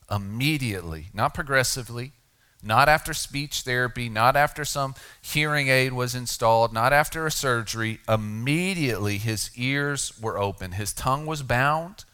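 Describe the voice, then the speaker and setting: A middle-aged man, a pastor, preaching a sermon in a conversational way, slowing for dramatic pauses and dropping his voice for emphasis. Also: mid-range voice, sharp tone, smooth.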